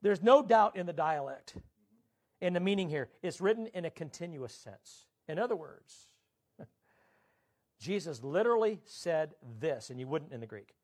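A man preaching a sermon, emphatic, drawing out scripture quotes slowly and swinging his pitch up and down. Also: expressive. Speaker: pastor.

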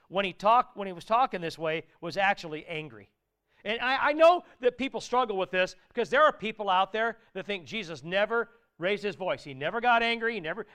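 A man preaching a sermon with a high, smooth and resonant voice. He talks to the congregation in an earnest, conversational way. Now and then he bursts into a loud exclaimed aside.

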